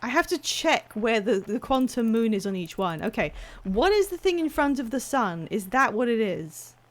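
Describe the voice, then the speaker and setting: Her voice sits a little high with a sing-song lilt at normal speed as she gives casual gameplay commentary. This streamer talks freely with her audience, laughing, cursing and reacting to the game.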